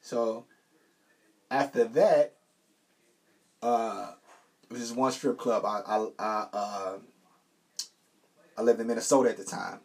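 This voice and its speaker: A man's voice: fairly low pitch, slow, vocal fry, long pauses, distant mic. A man co-hosting a podcast, telling stories casually with a lot of slang. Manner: relaxed storytelling with slang. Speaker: podcast co-host. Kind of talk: casual chat.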